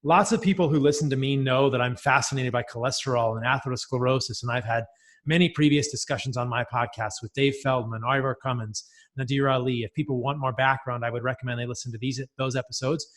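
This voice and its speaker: A man's voice: mid-range voice, fairly even intonation, fast, a bit bright. A man hosting a podcast, reading an ad and interviewing with enthusiastic, upbeat energy. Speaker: podcast host.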